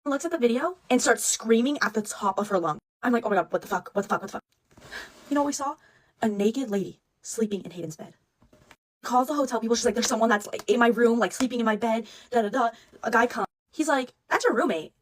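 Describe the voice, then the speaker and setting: A woman telling a story in an excited, profane, breathless way. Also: on the high side, quick pace. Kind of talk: casual storytime.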